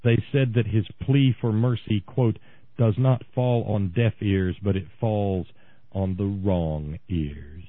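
Angry radio host guy ranting politics, yells a lot, thin tinny dry sound. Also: on the low side, fairly even intonation, takes it slowly, no room sound. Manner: ranting, shouting in bursts, sarcastic. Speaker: radio talk show host. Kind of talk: impassioned political monologue.

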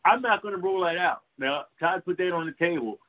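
An excitable, profane man co-hosting a casual political talk show, his husky voice sitting a little high. He comes through a tinny, phone-like line. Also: fairly quick.

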